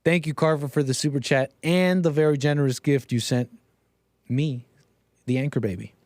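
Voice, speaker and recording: A man hosting a live stream in a casual, jokey, animated way, reading out viewer messages and reacting to clips. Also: a little high, moderate pace, no echo, clean studio sound. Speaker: livestream host.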